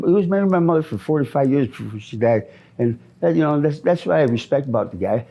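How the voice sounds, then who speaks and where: A man's voice: fairly high pitch, lively intonation, fast talker, dark tone, dull audio. A middle-aged man from Minnesota answering interview questions on the street, rambling, repeating himself and often ending with "man.".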